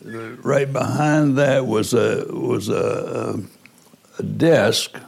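An older man, a former prosecutor, slowly recalling events in an interview, with halting pauses. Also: mid-range voice, fairly even intonation, gravelly, darkish tone, slightly rough. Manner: slow, halting recollection.

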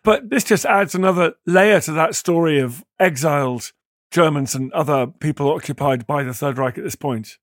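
A man's voice: fairly high pitch, moderate pace, no echo, studio quality. A man hosting a history podcast, reading a sponsor spot and talking with his guest. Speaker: podcast host. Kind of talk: reading an ad, then interviewing.

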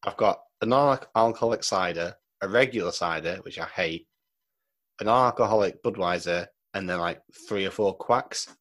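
A man's voice: low-pitched, normal speed, fairly bright tone. A man co-hosting a podcast, chatting casually and telling jokey stories, swearing freely and laughing often. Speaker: podcast co-host. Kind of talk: casual banter.

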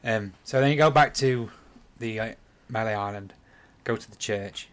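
Man, low voice, rambling, self-correcting, casual podcast host. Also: moderate pace, fairly bright tone. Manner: rambling retelling, apologizes often. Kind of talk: casual chat.

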